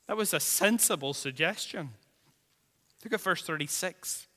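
A man's voice: sits high, animated, measured pace, pushed and bright. A man preaching a sermon in a church, dramatically swelling and dropping his volume and repeating phrases for emphasis. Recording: long hall reverb.

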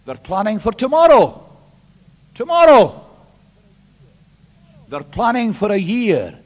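A man pastor preaching an emphatic sermon, swinging between hushed and loud. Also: high-pitched, wildly swooping pitch, slow. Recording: long hall reverb.

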